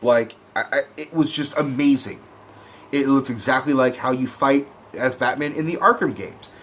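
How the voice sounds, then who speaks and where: A man's voice: mid-range voice, moderate pace, a little hiss or hum. A man delivering a profane, sarcastic movie review rant, swearing constantly and sounding wound up.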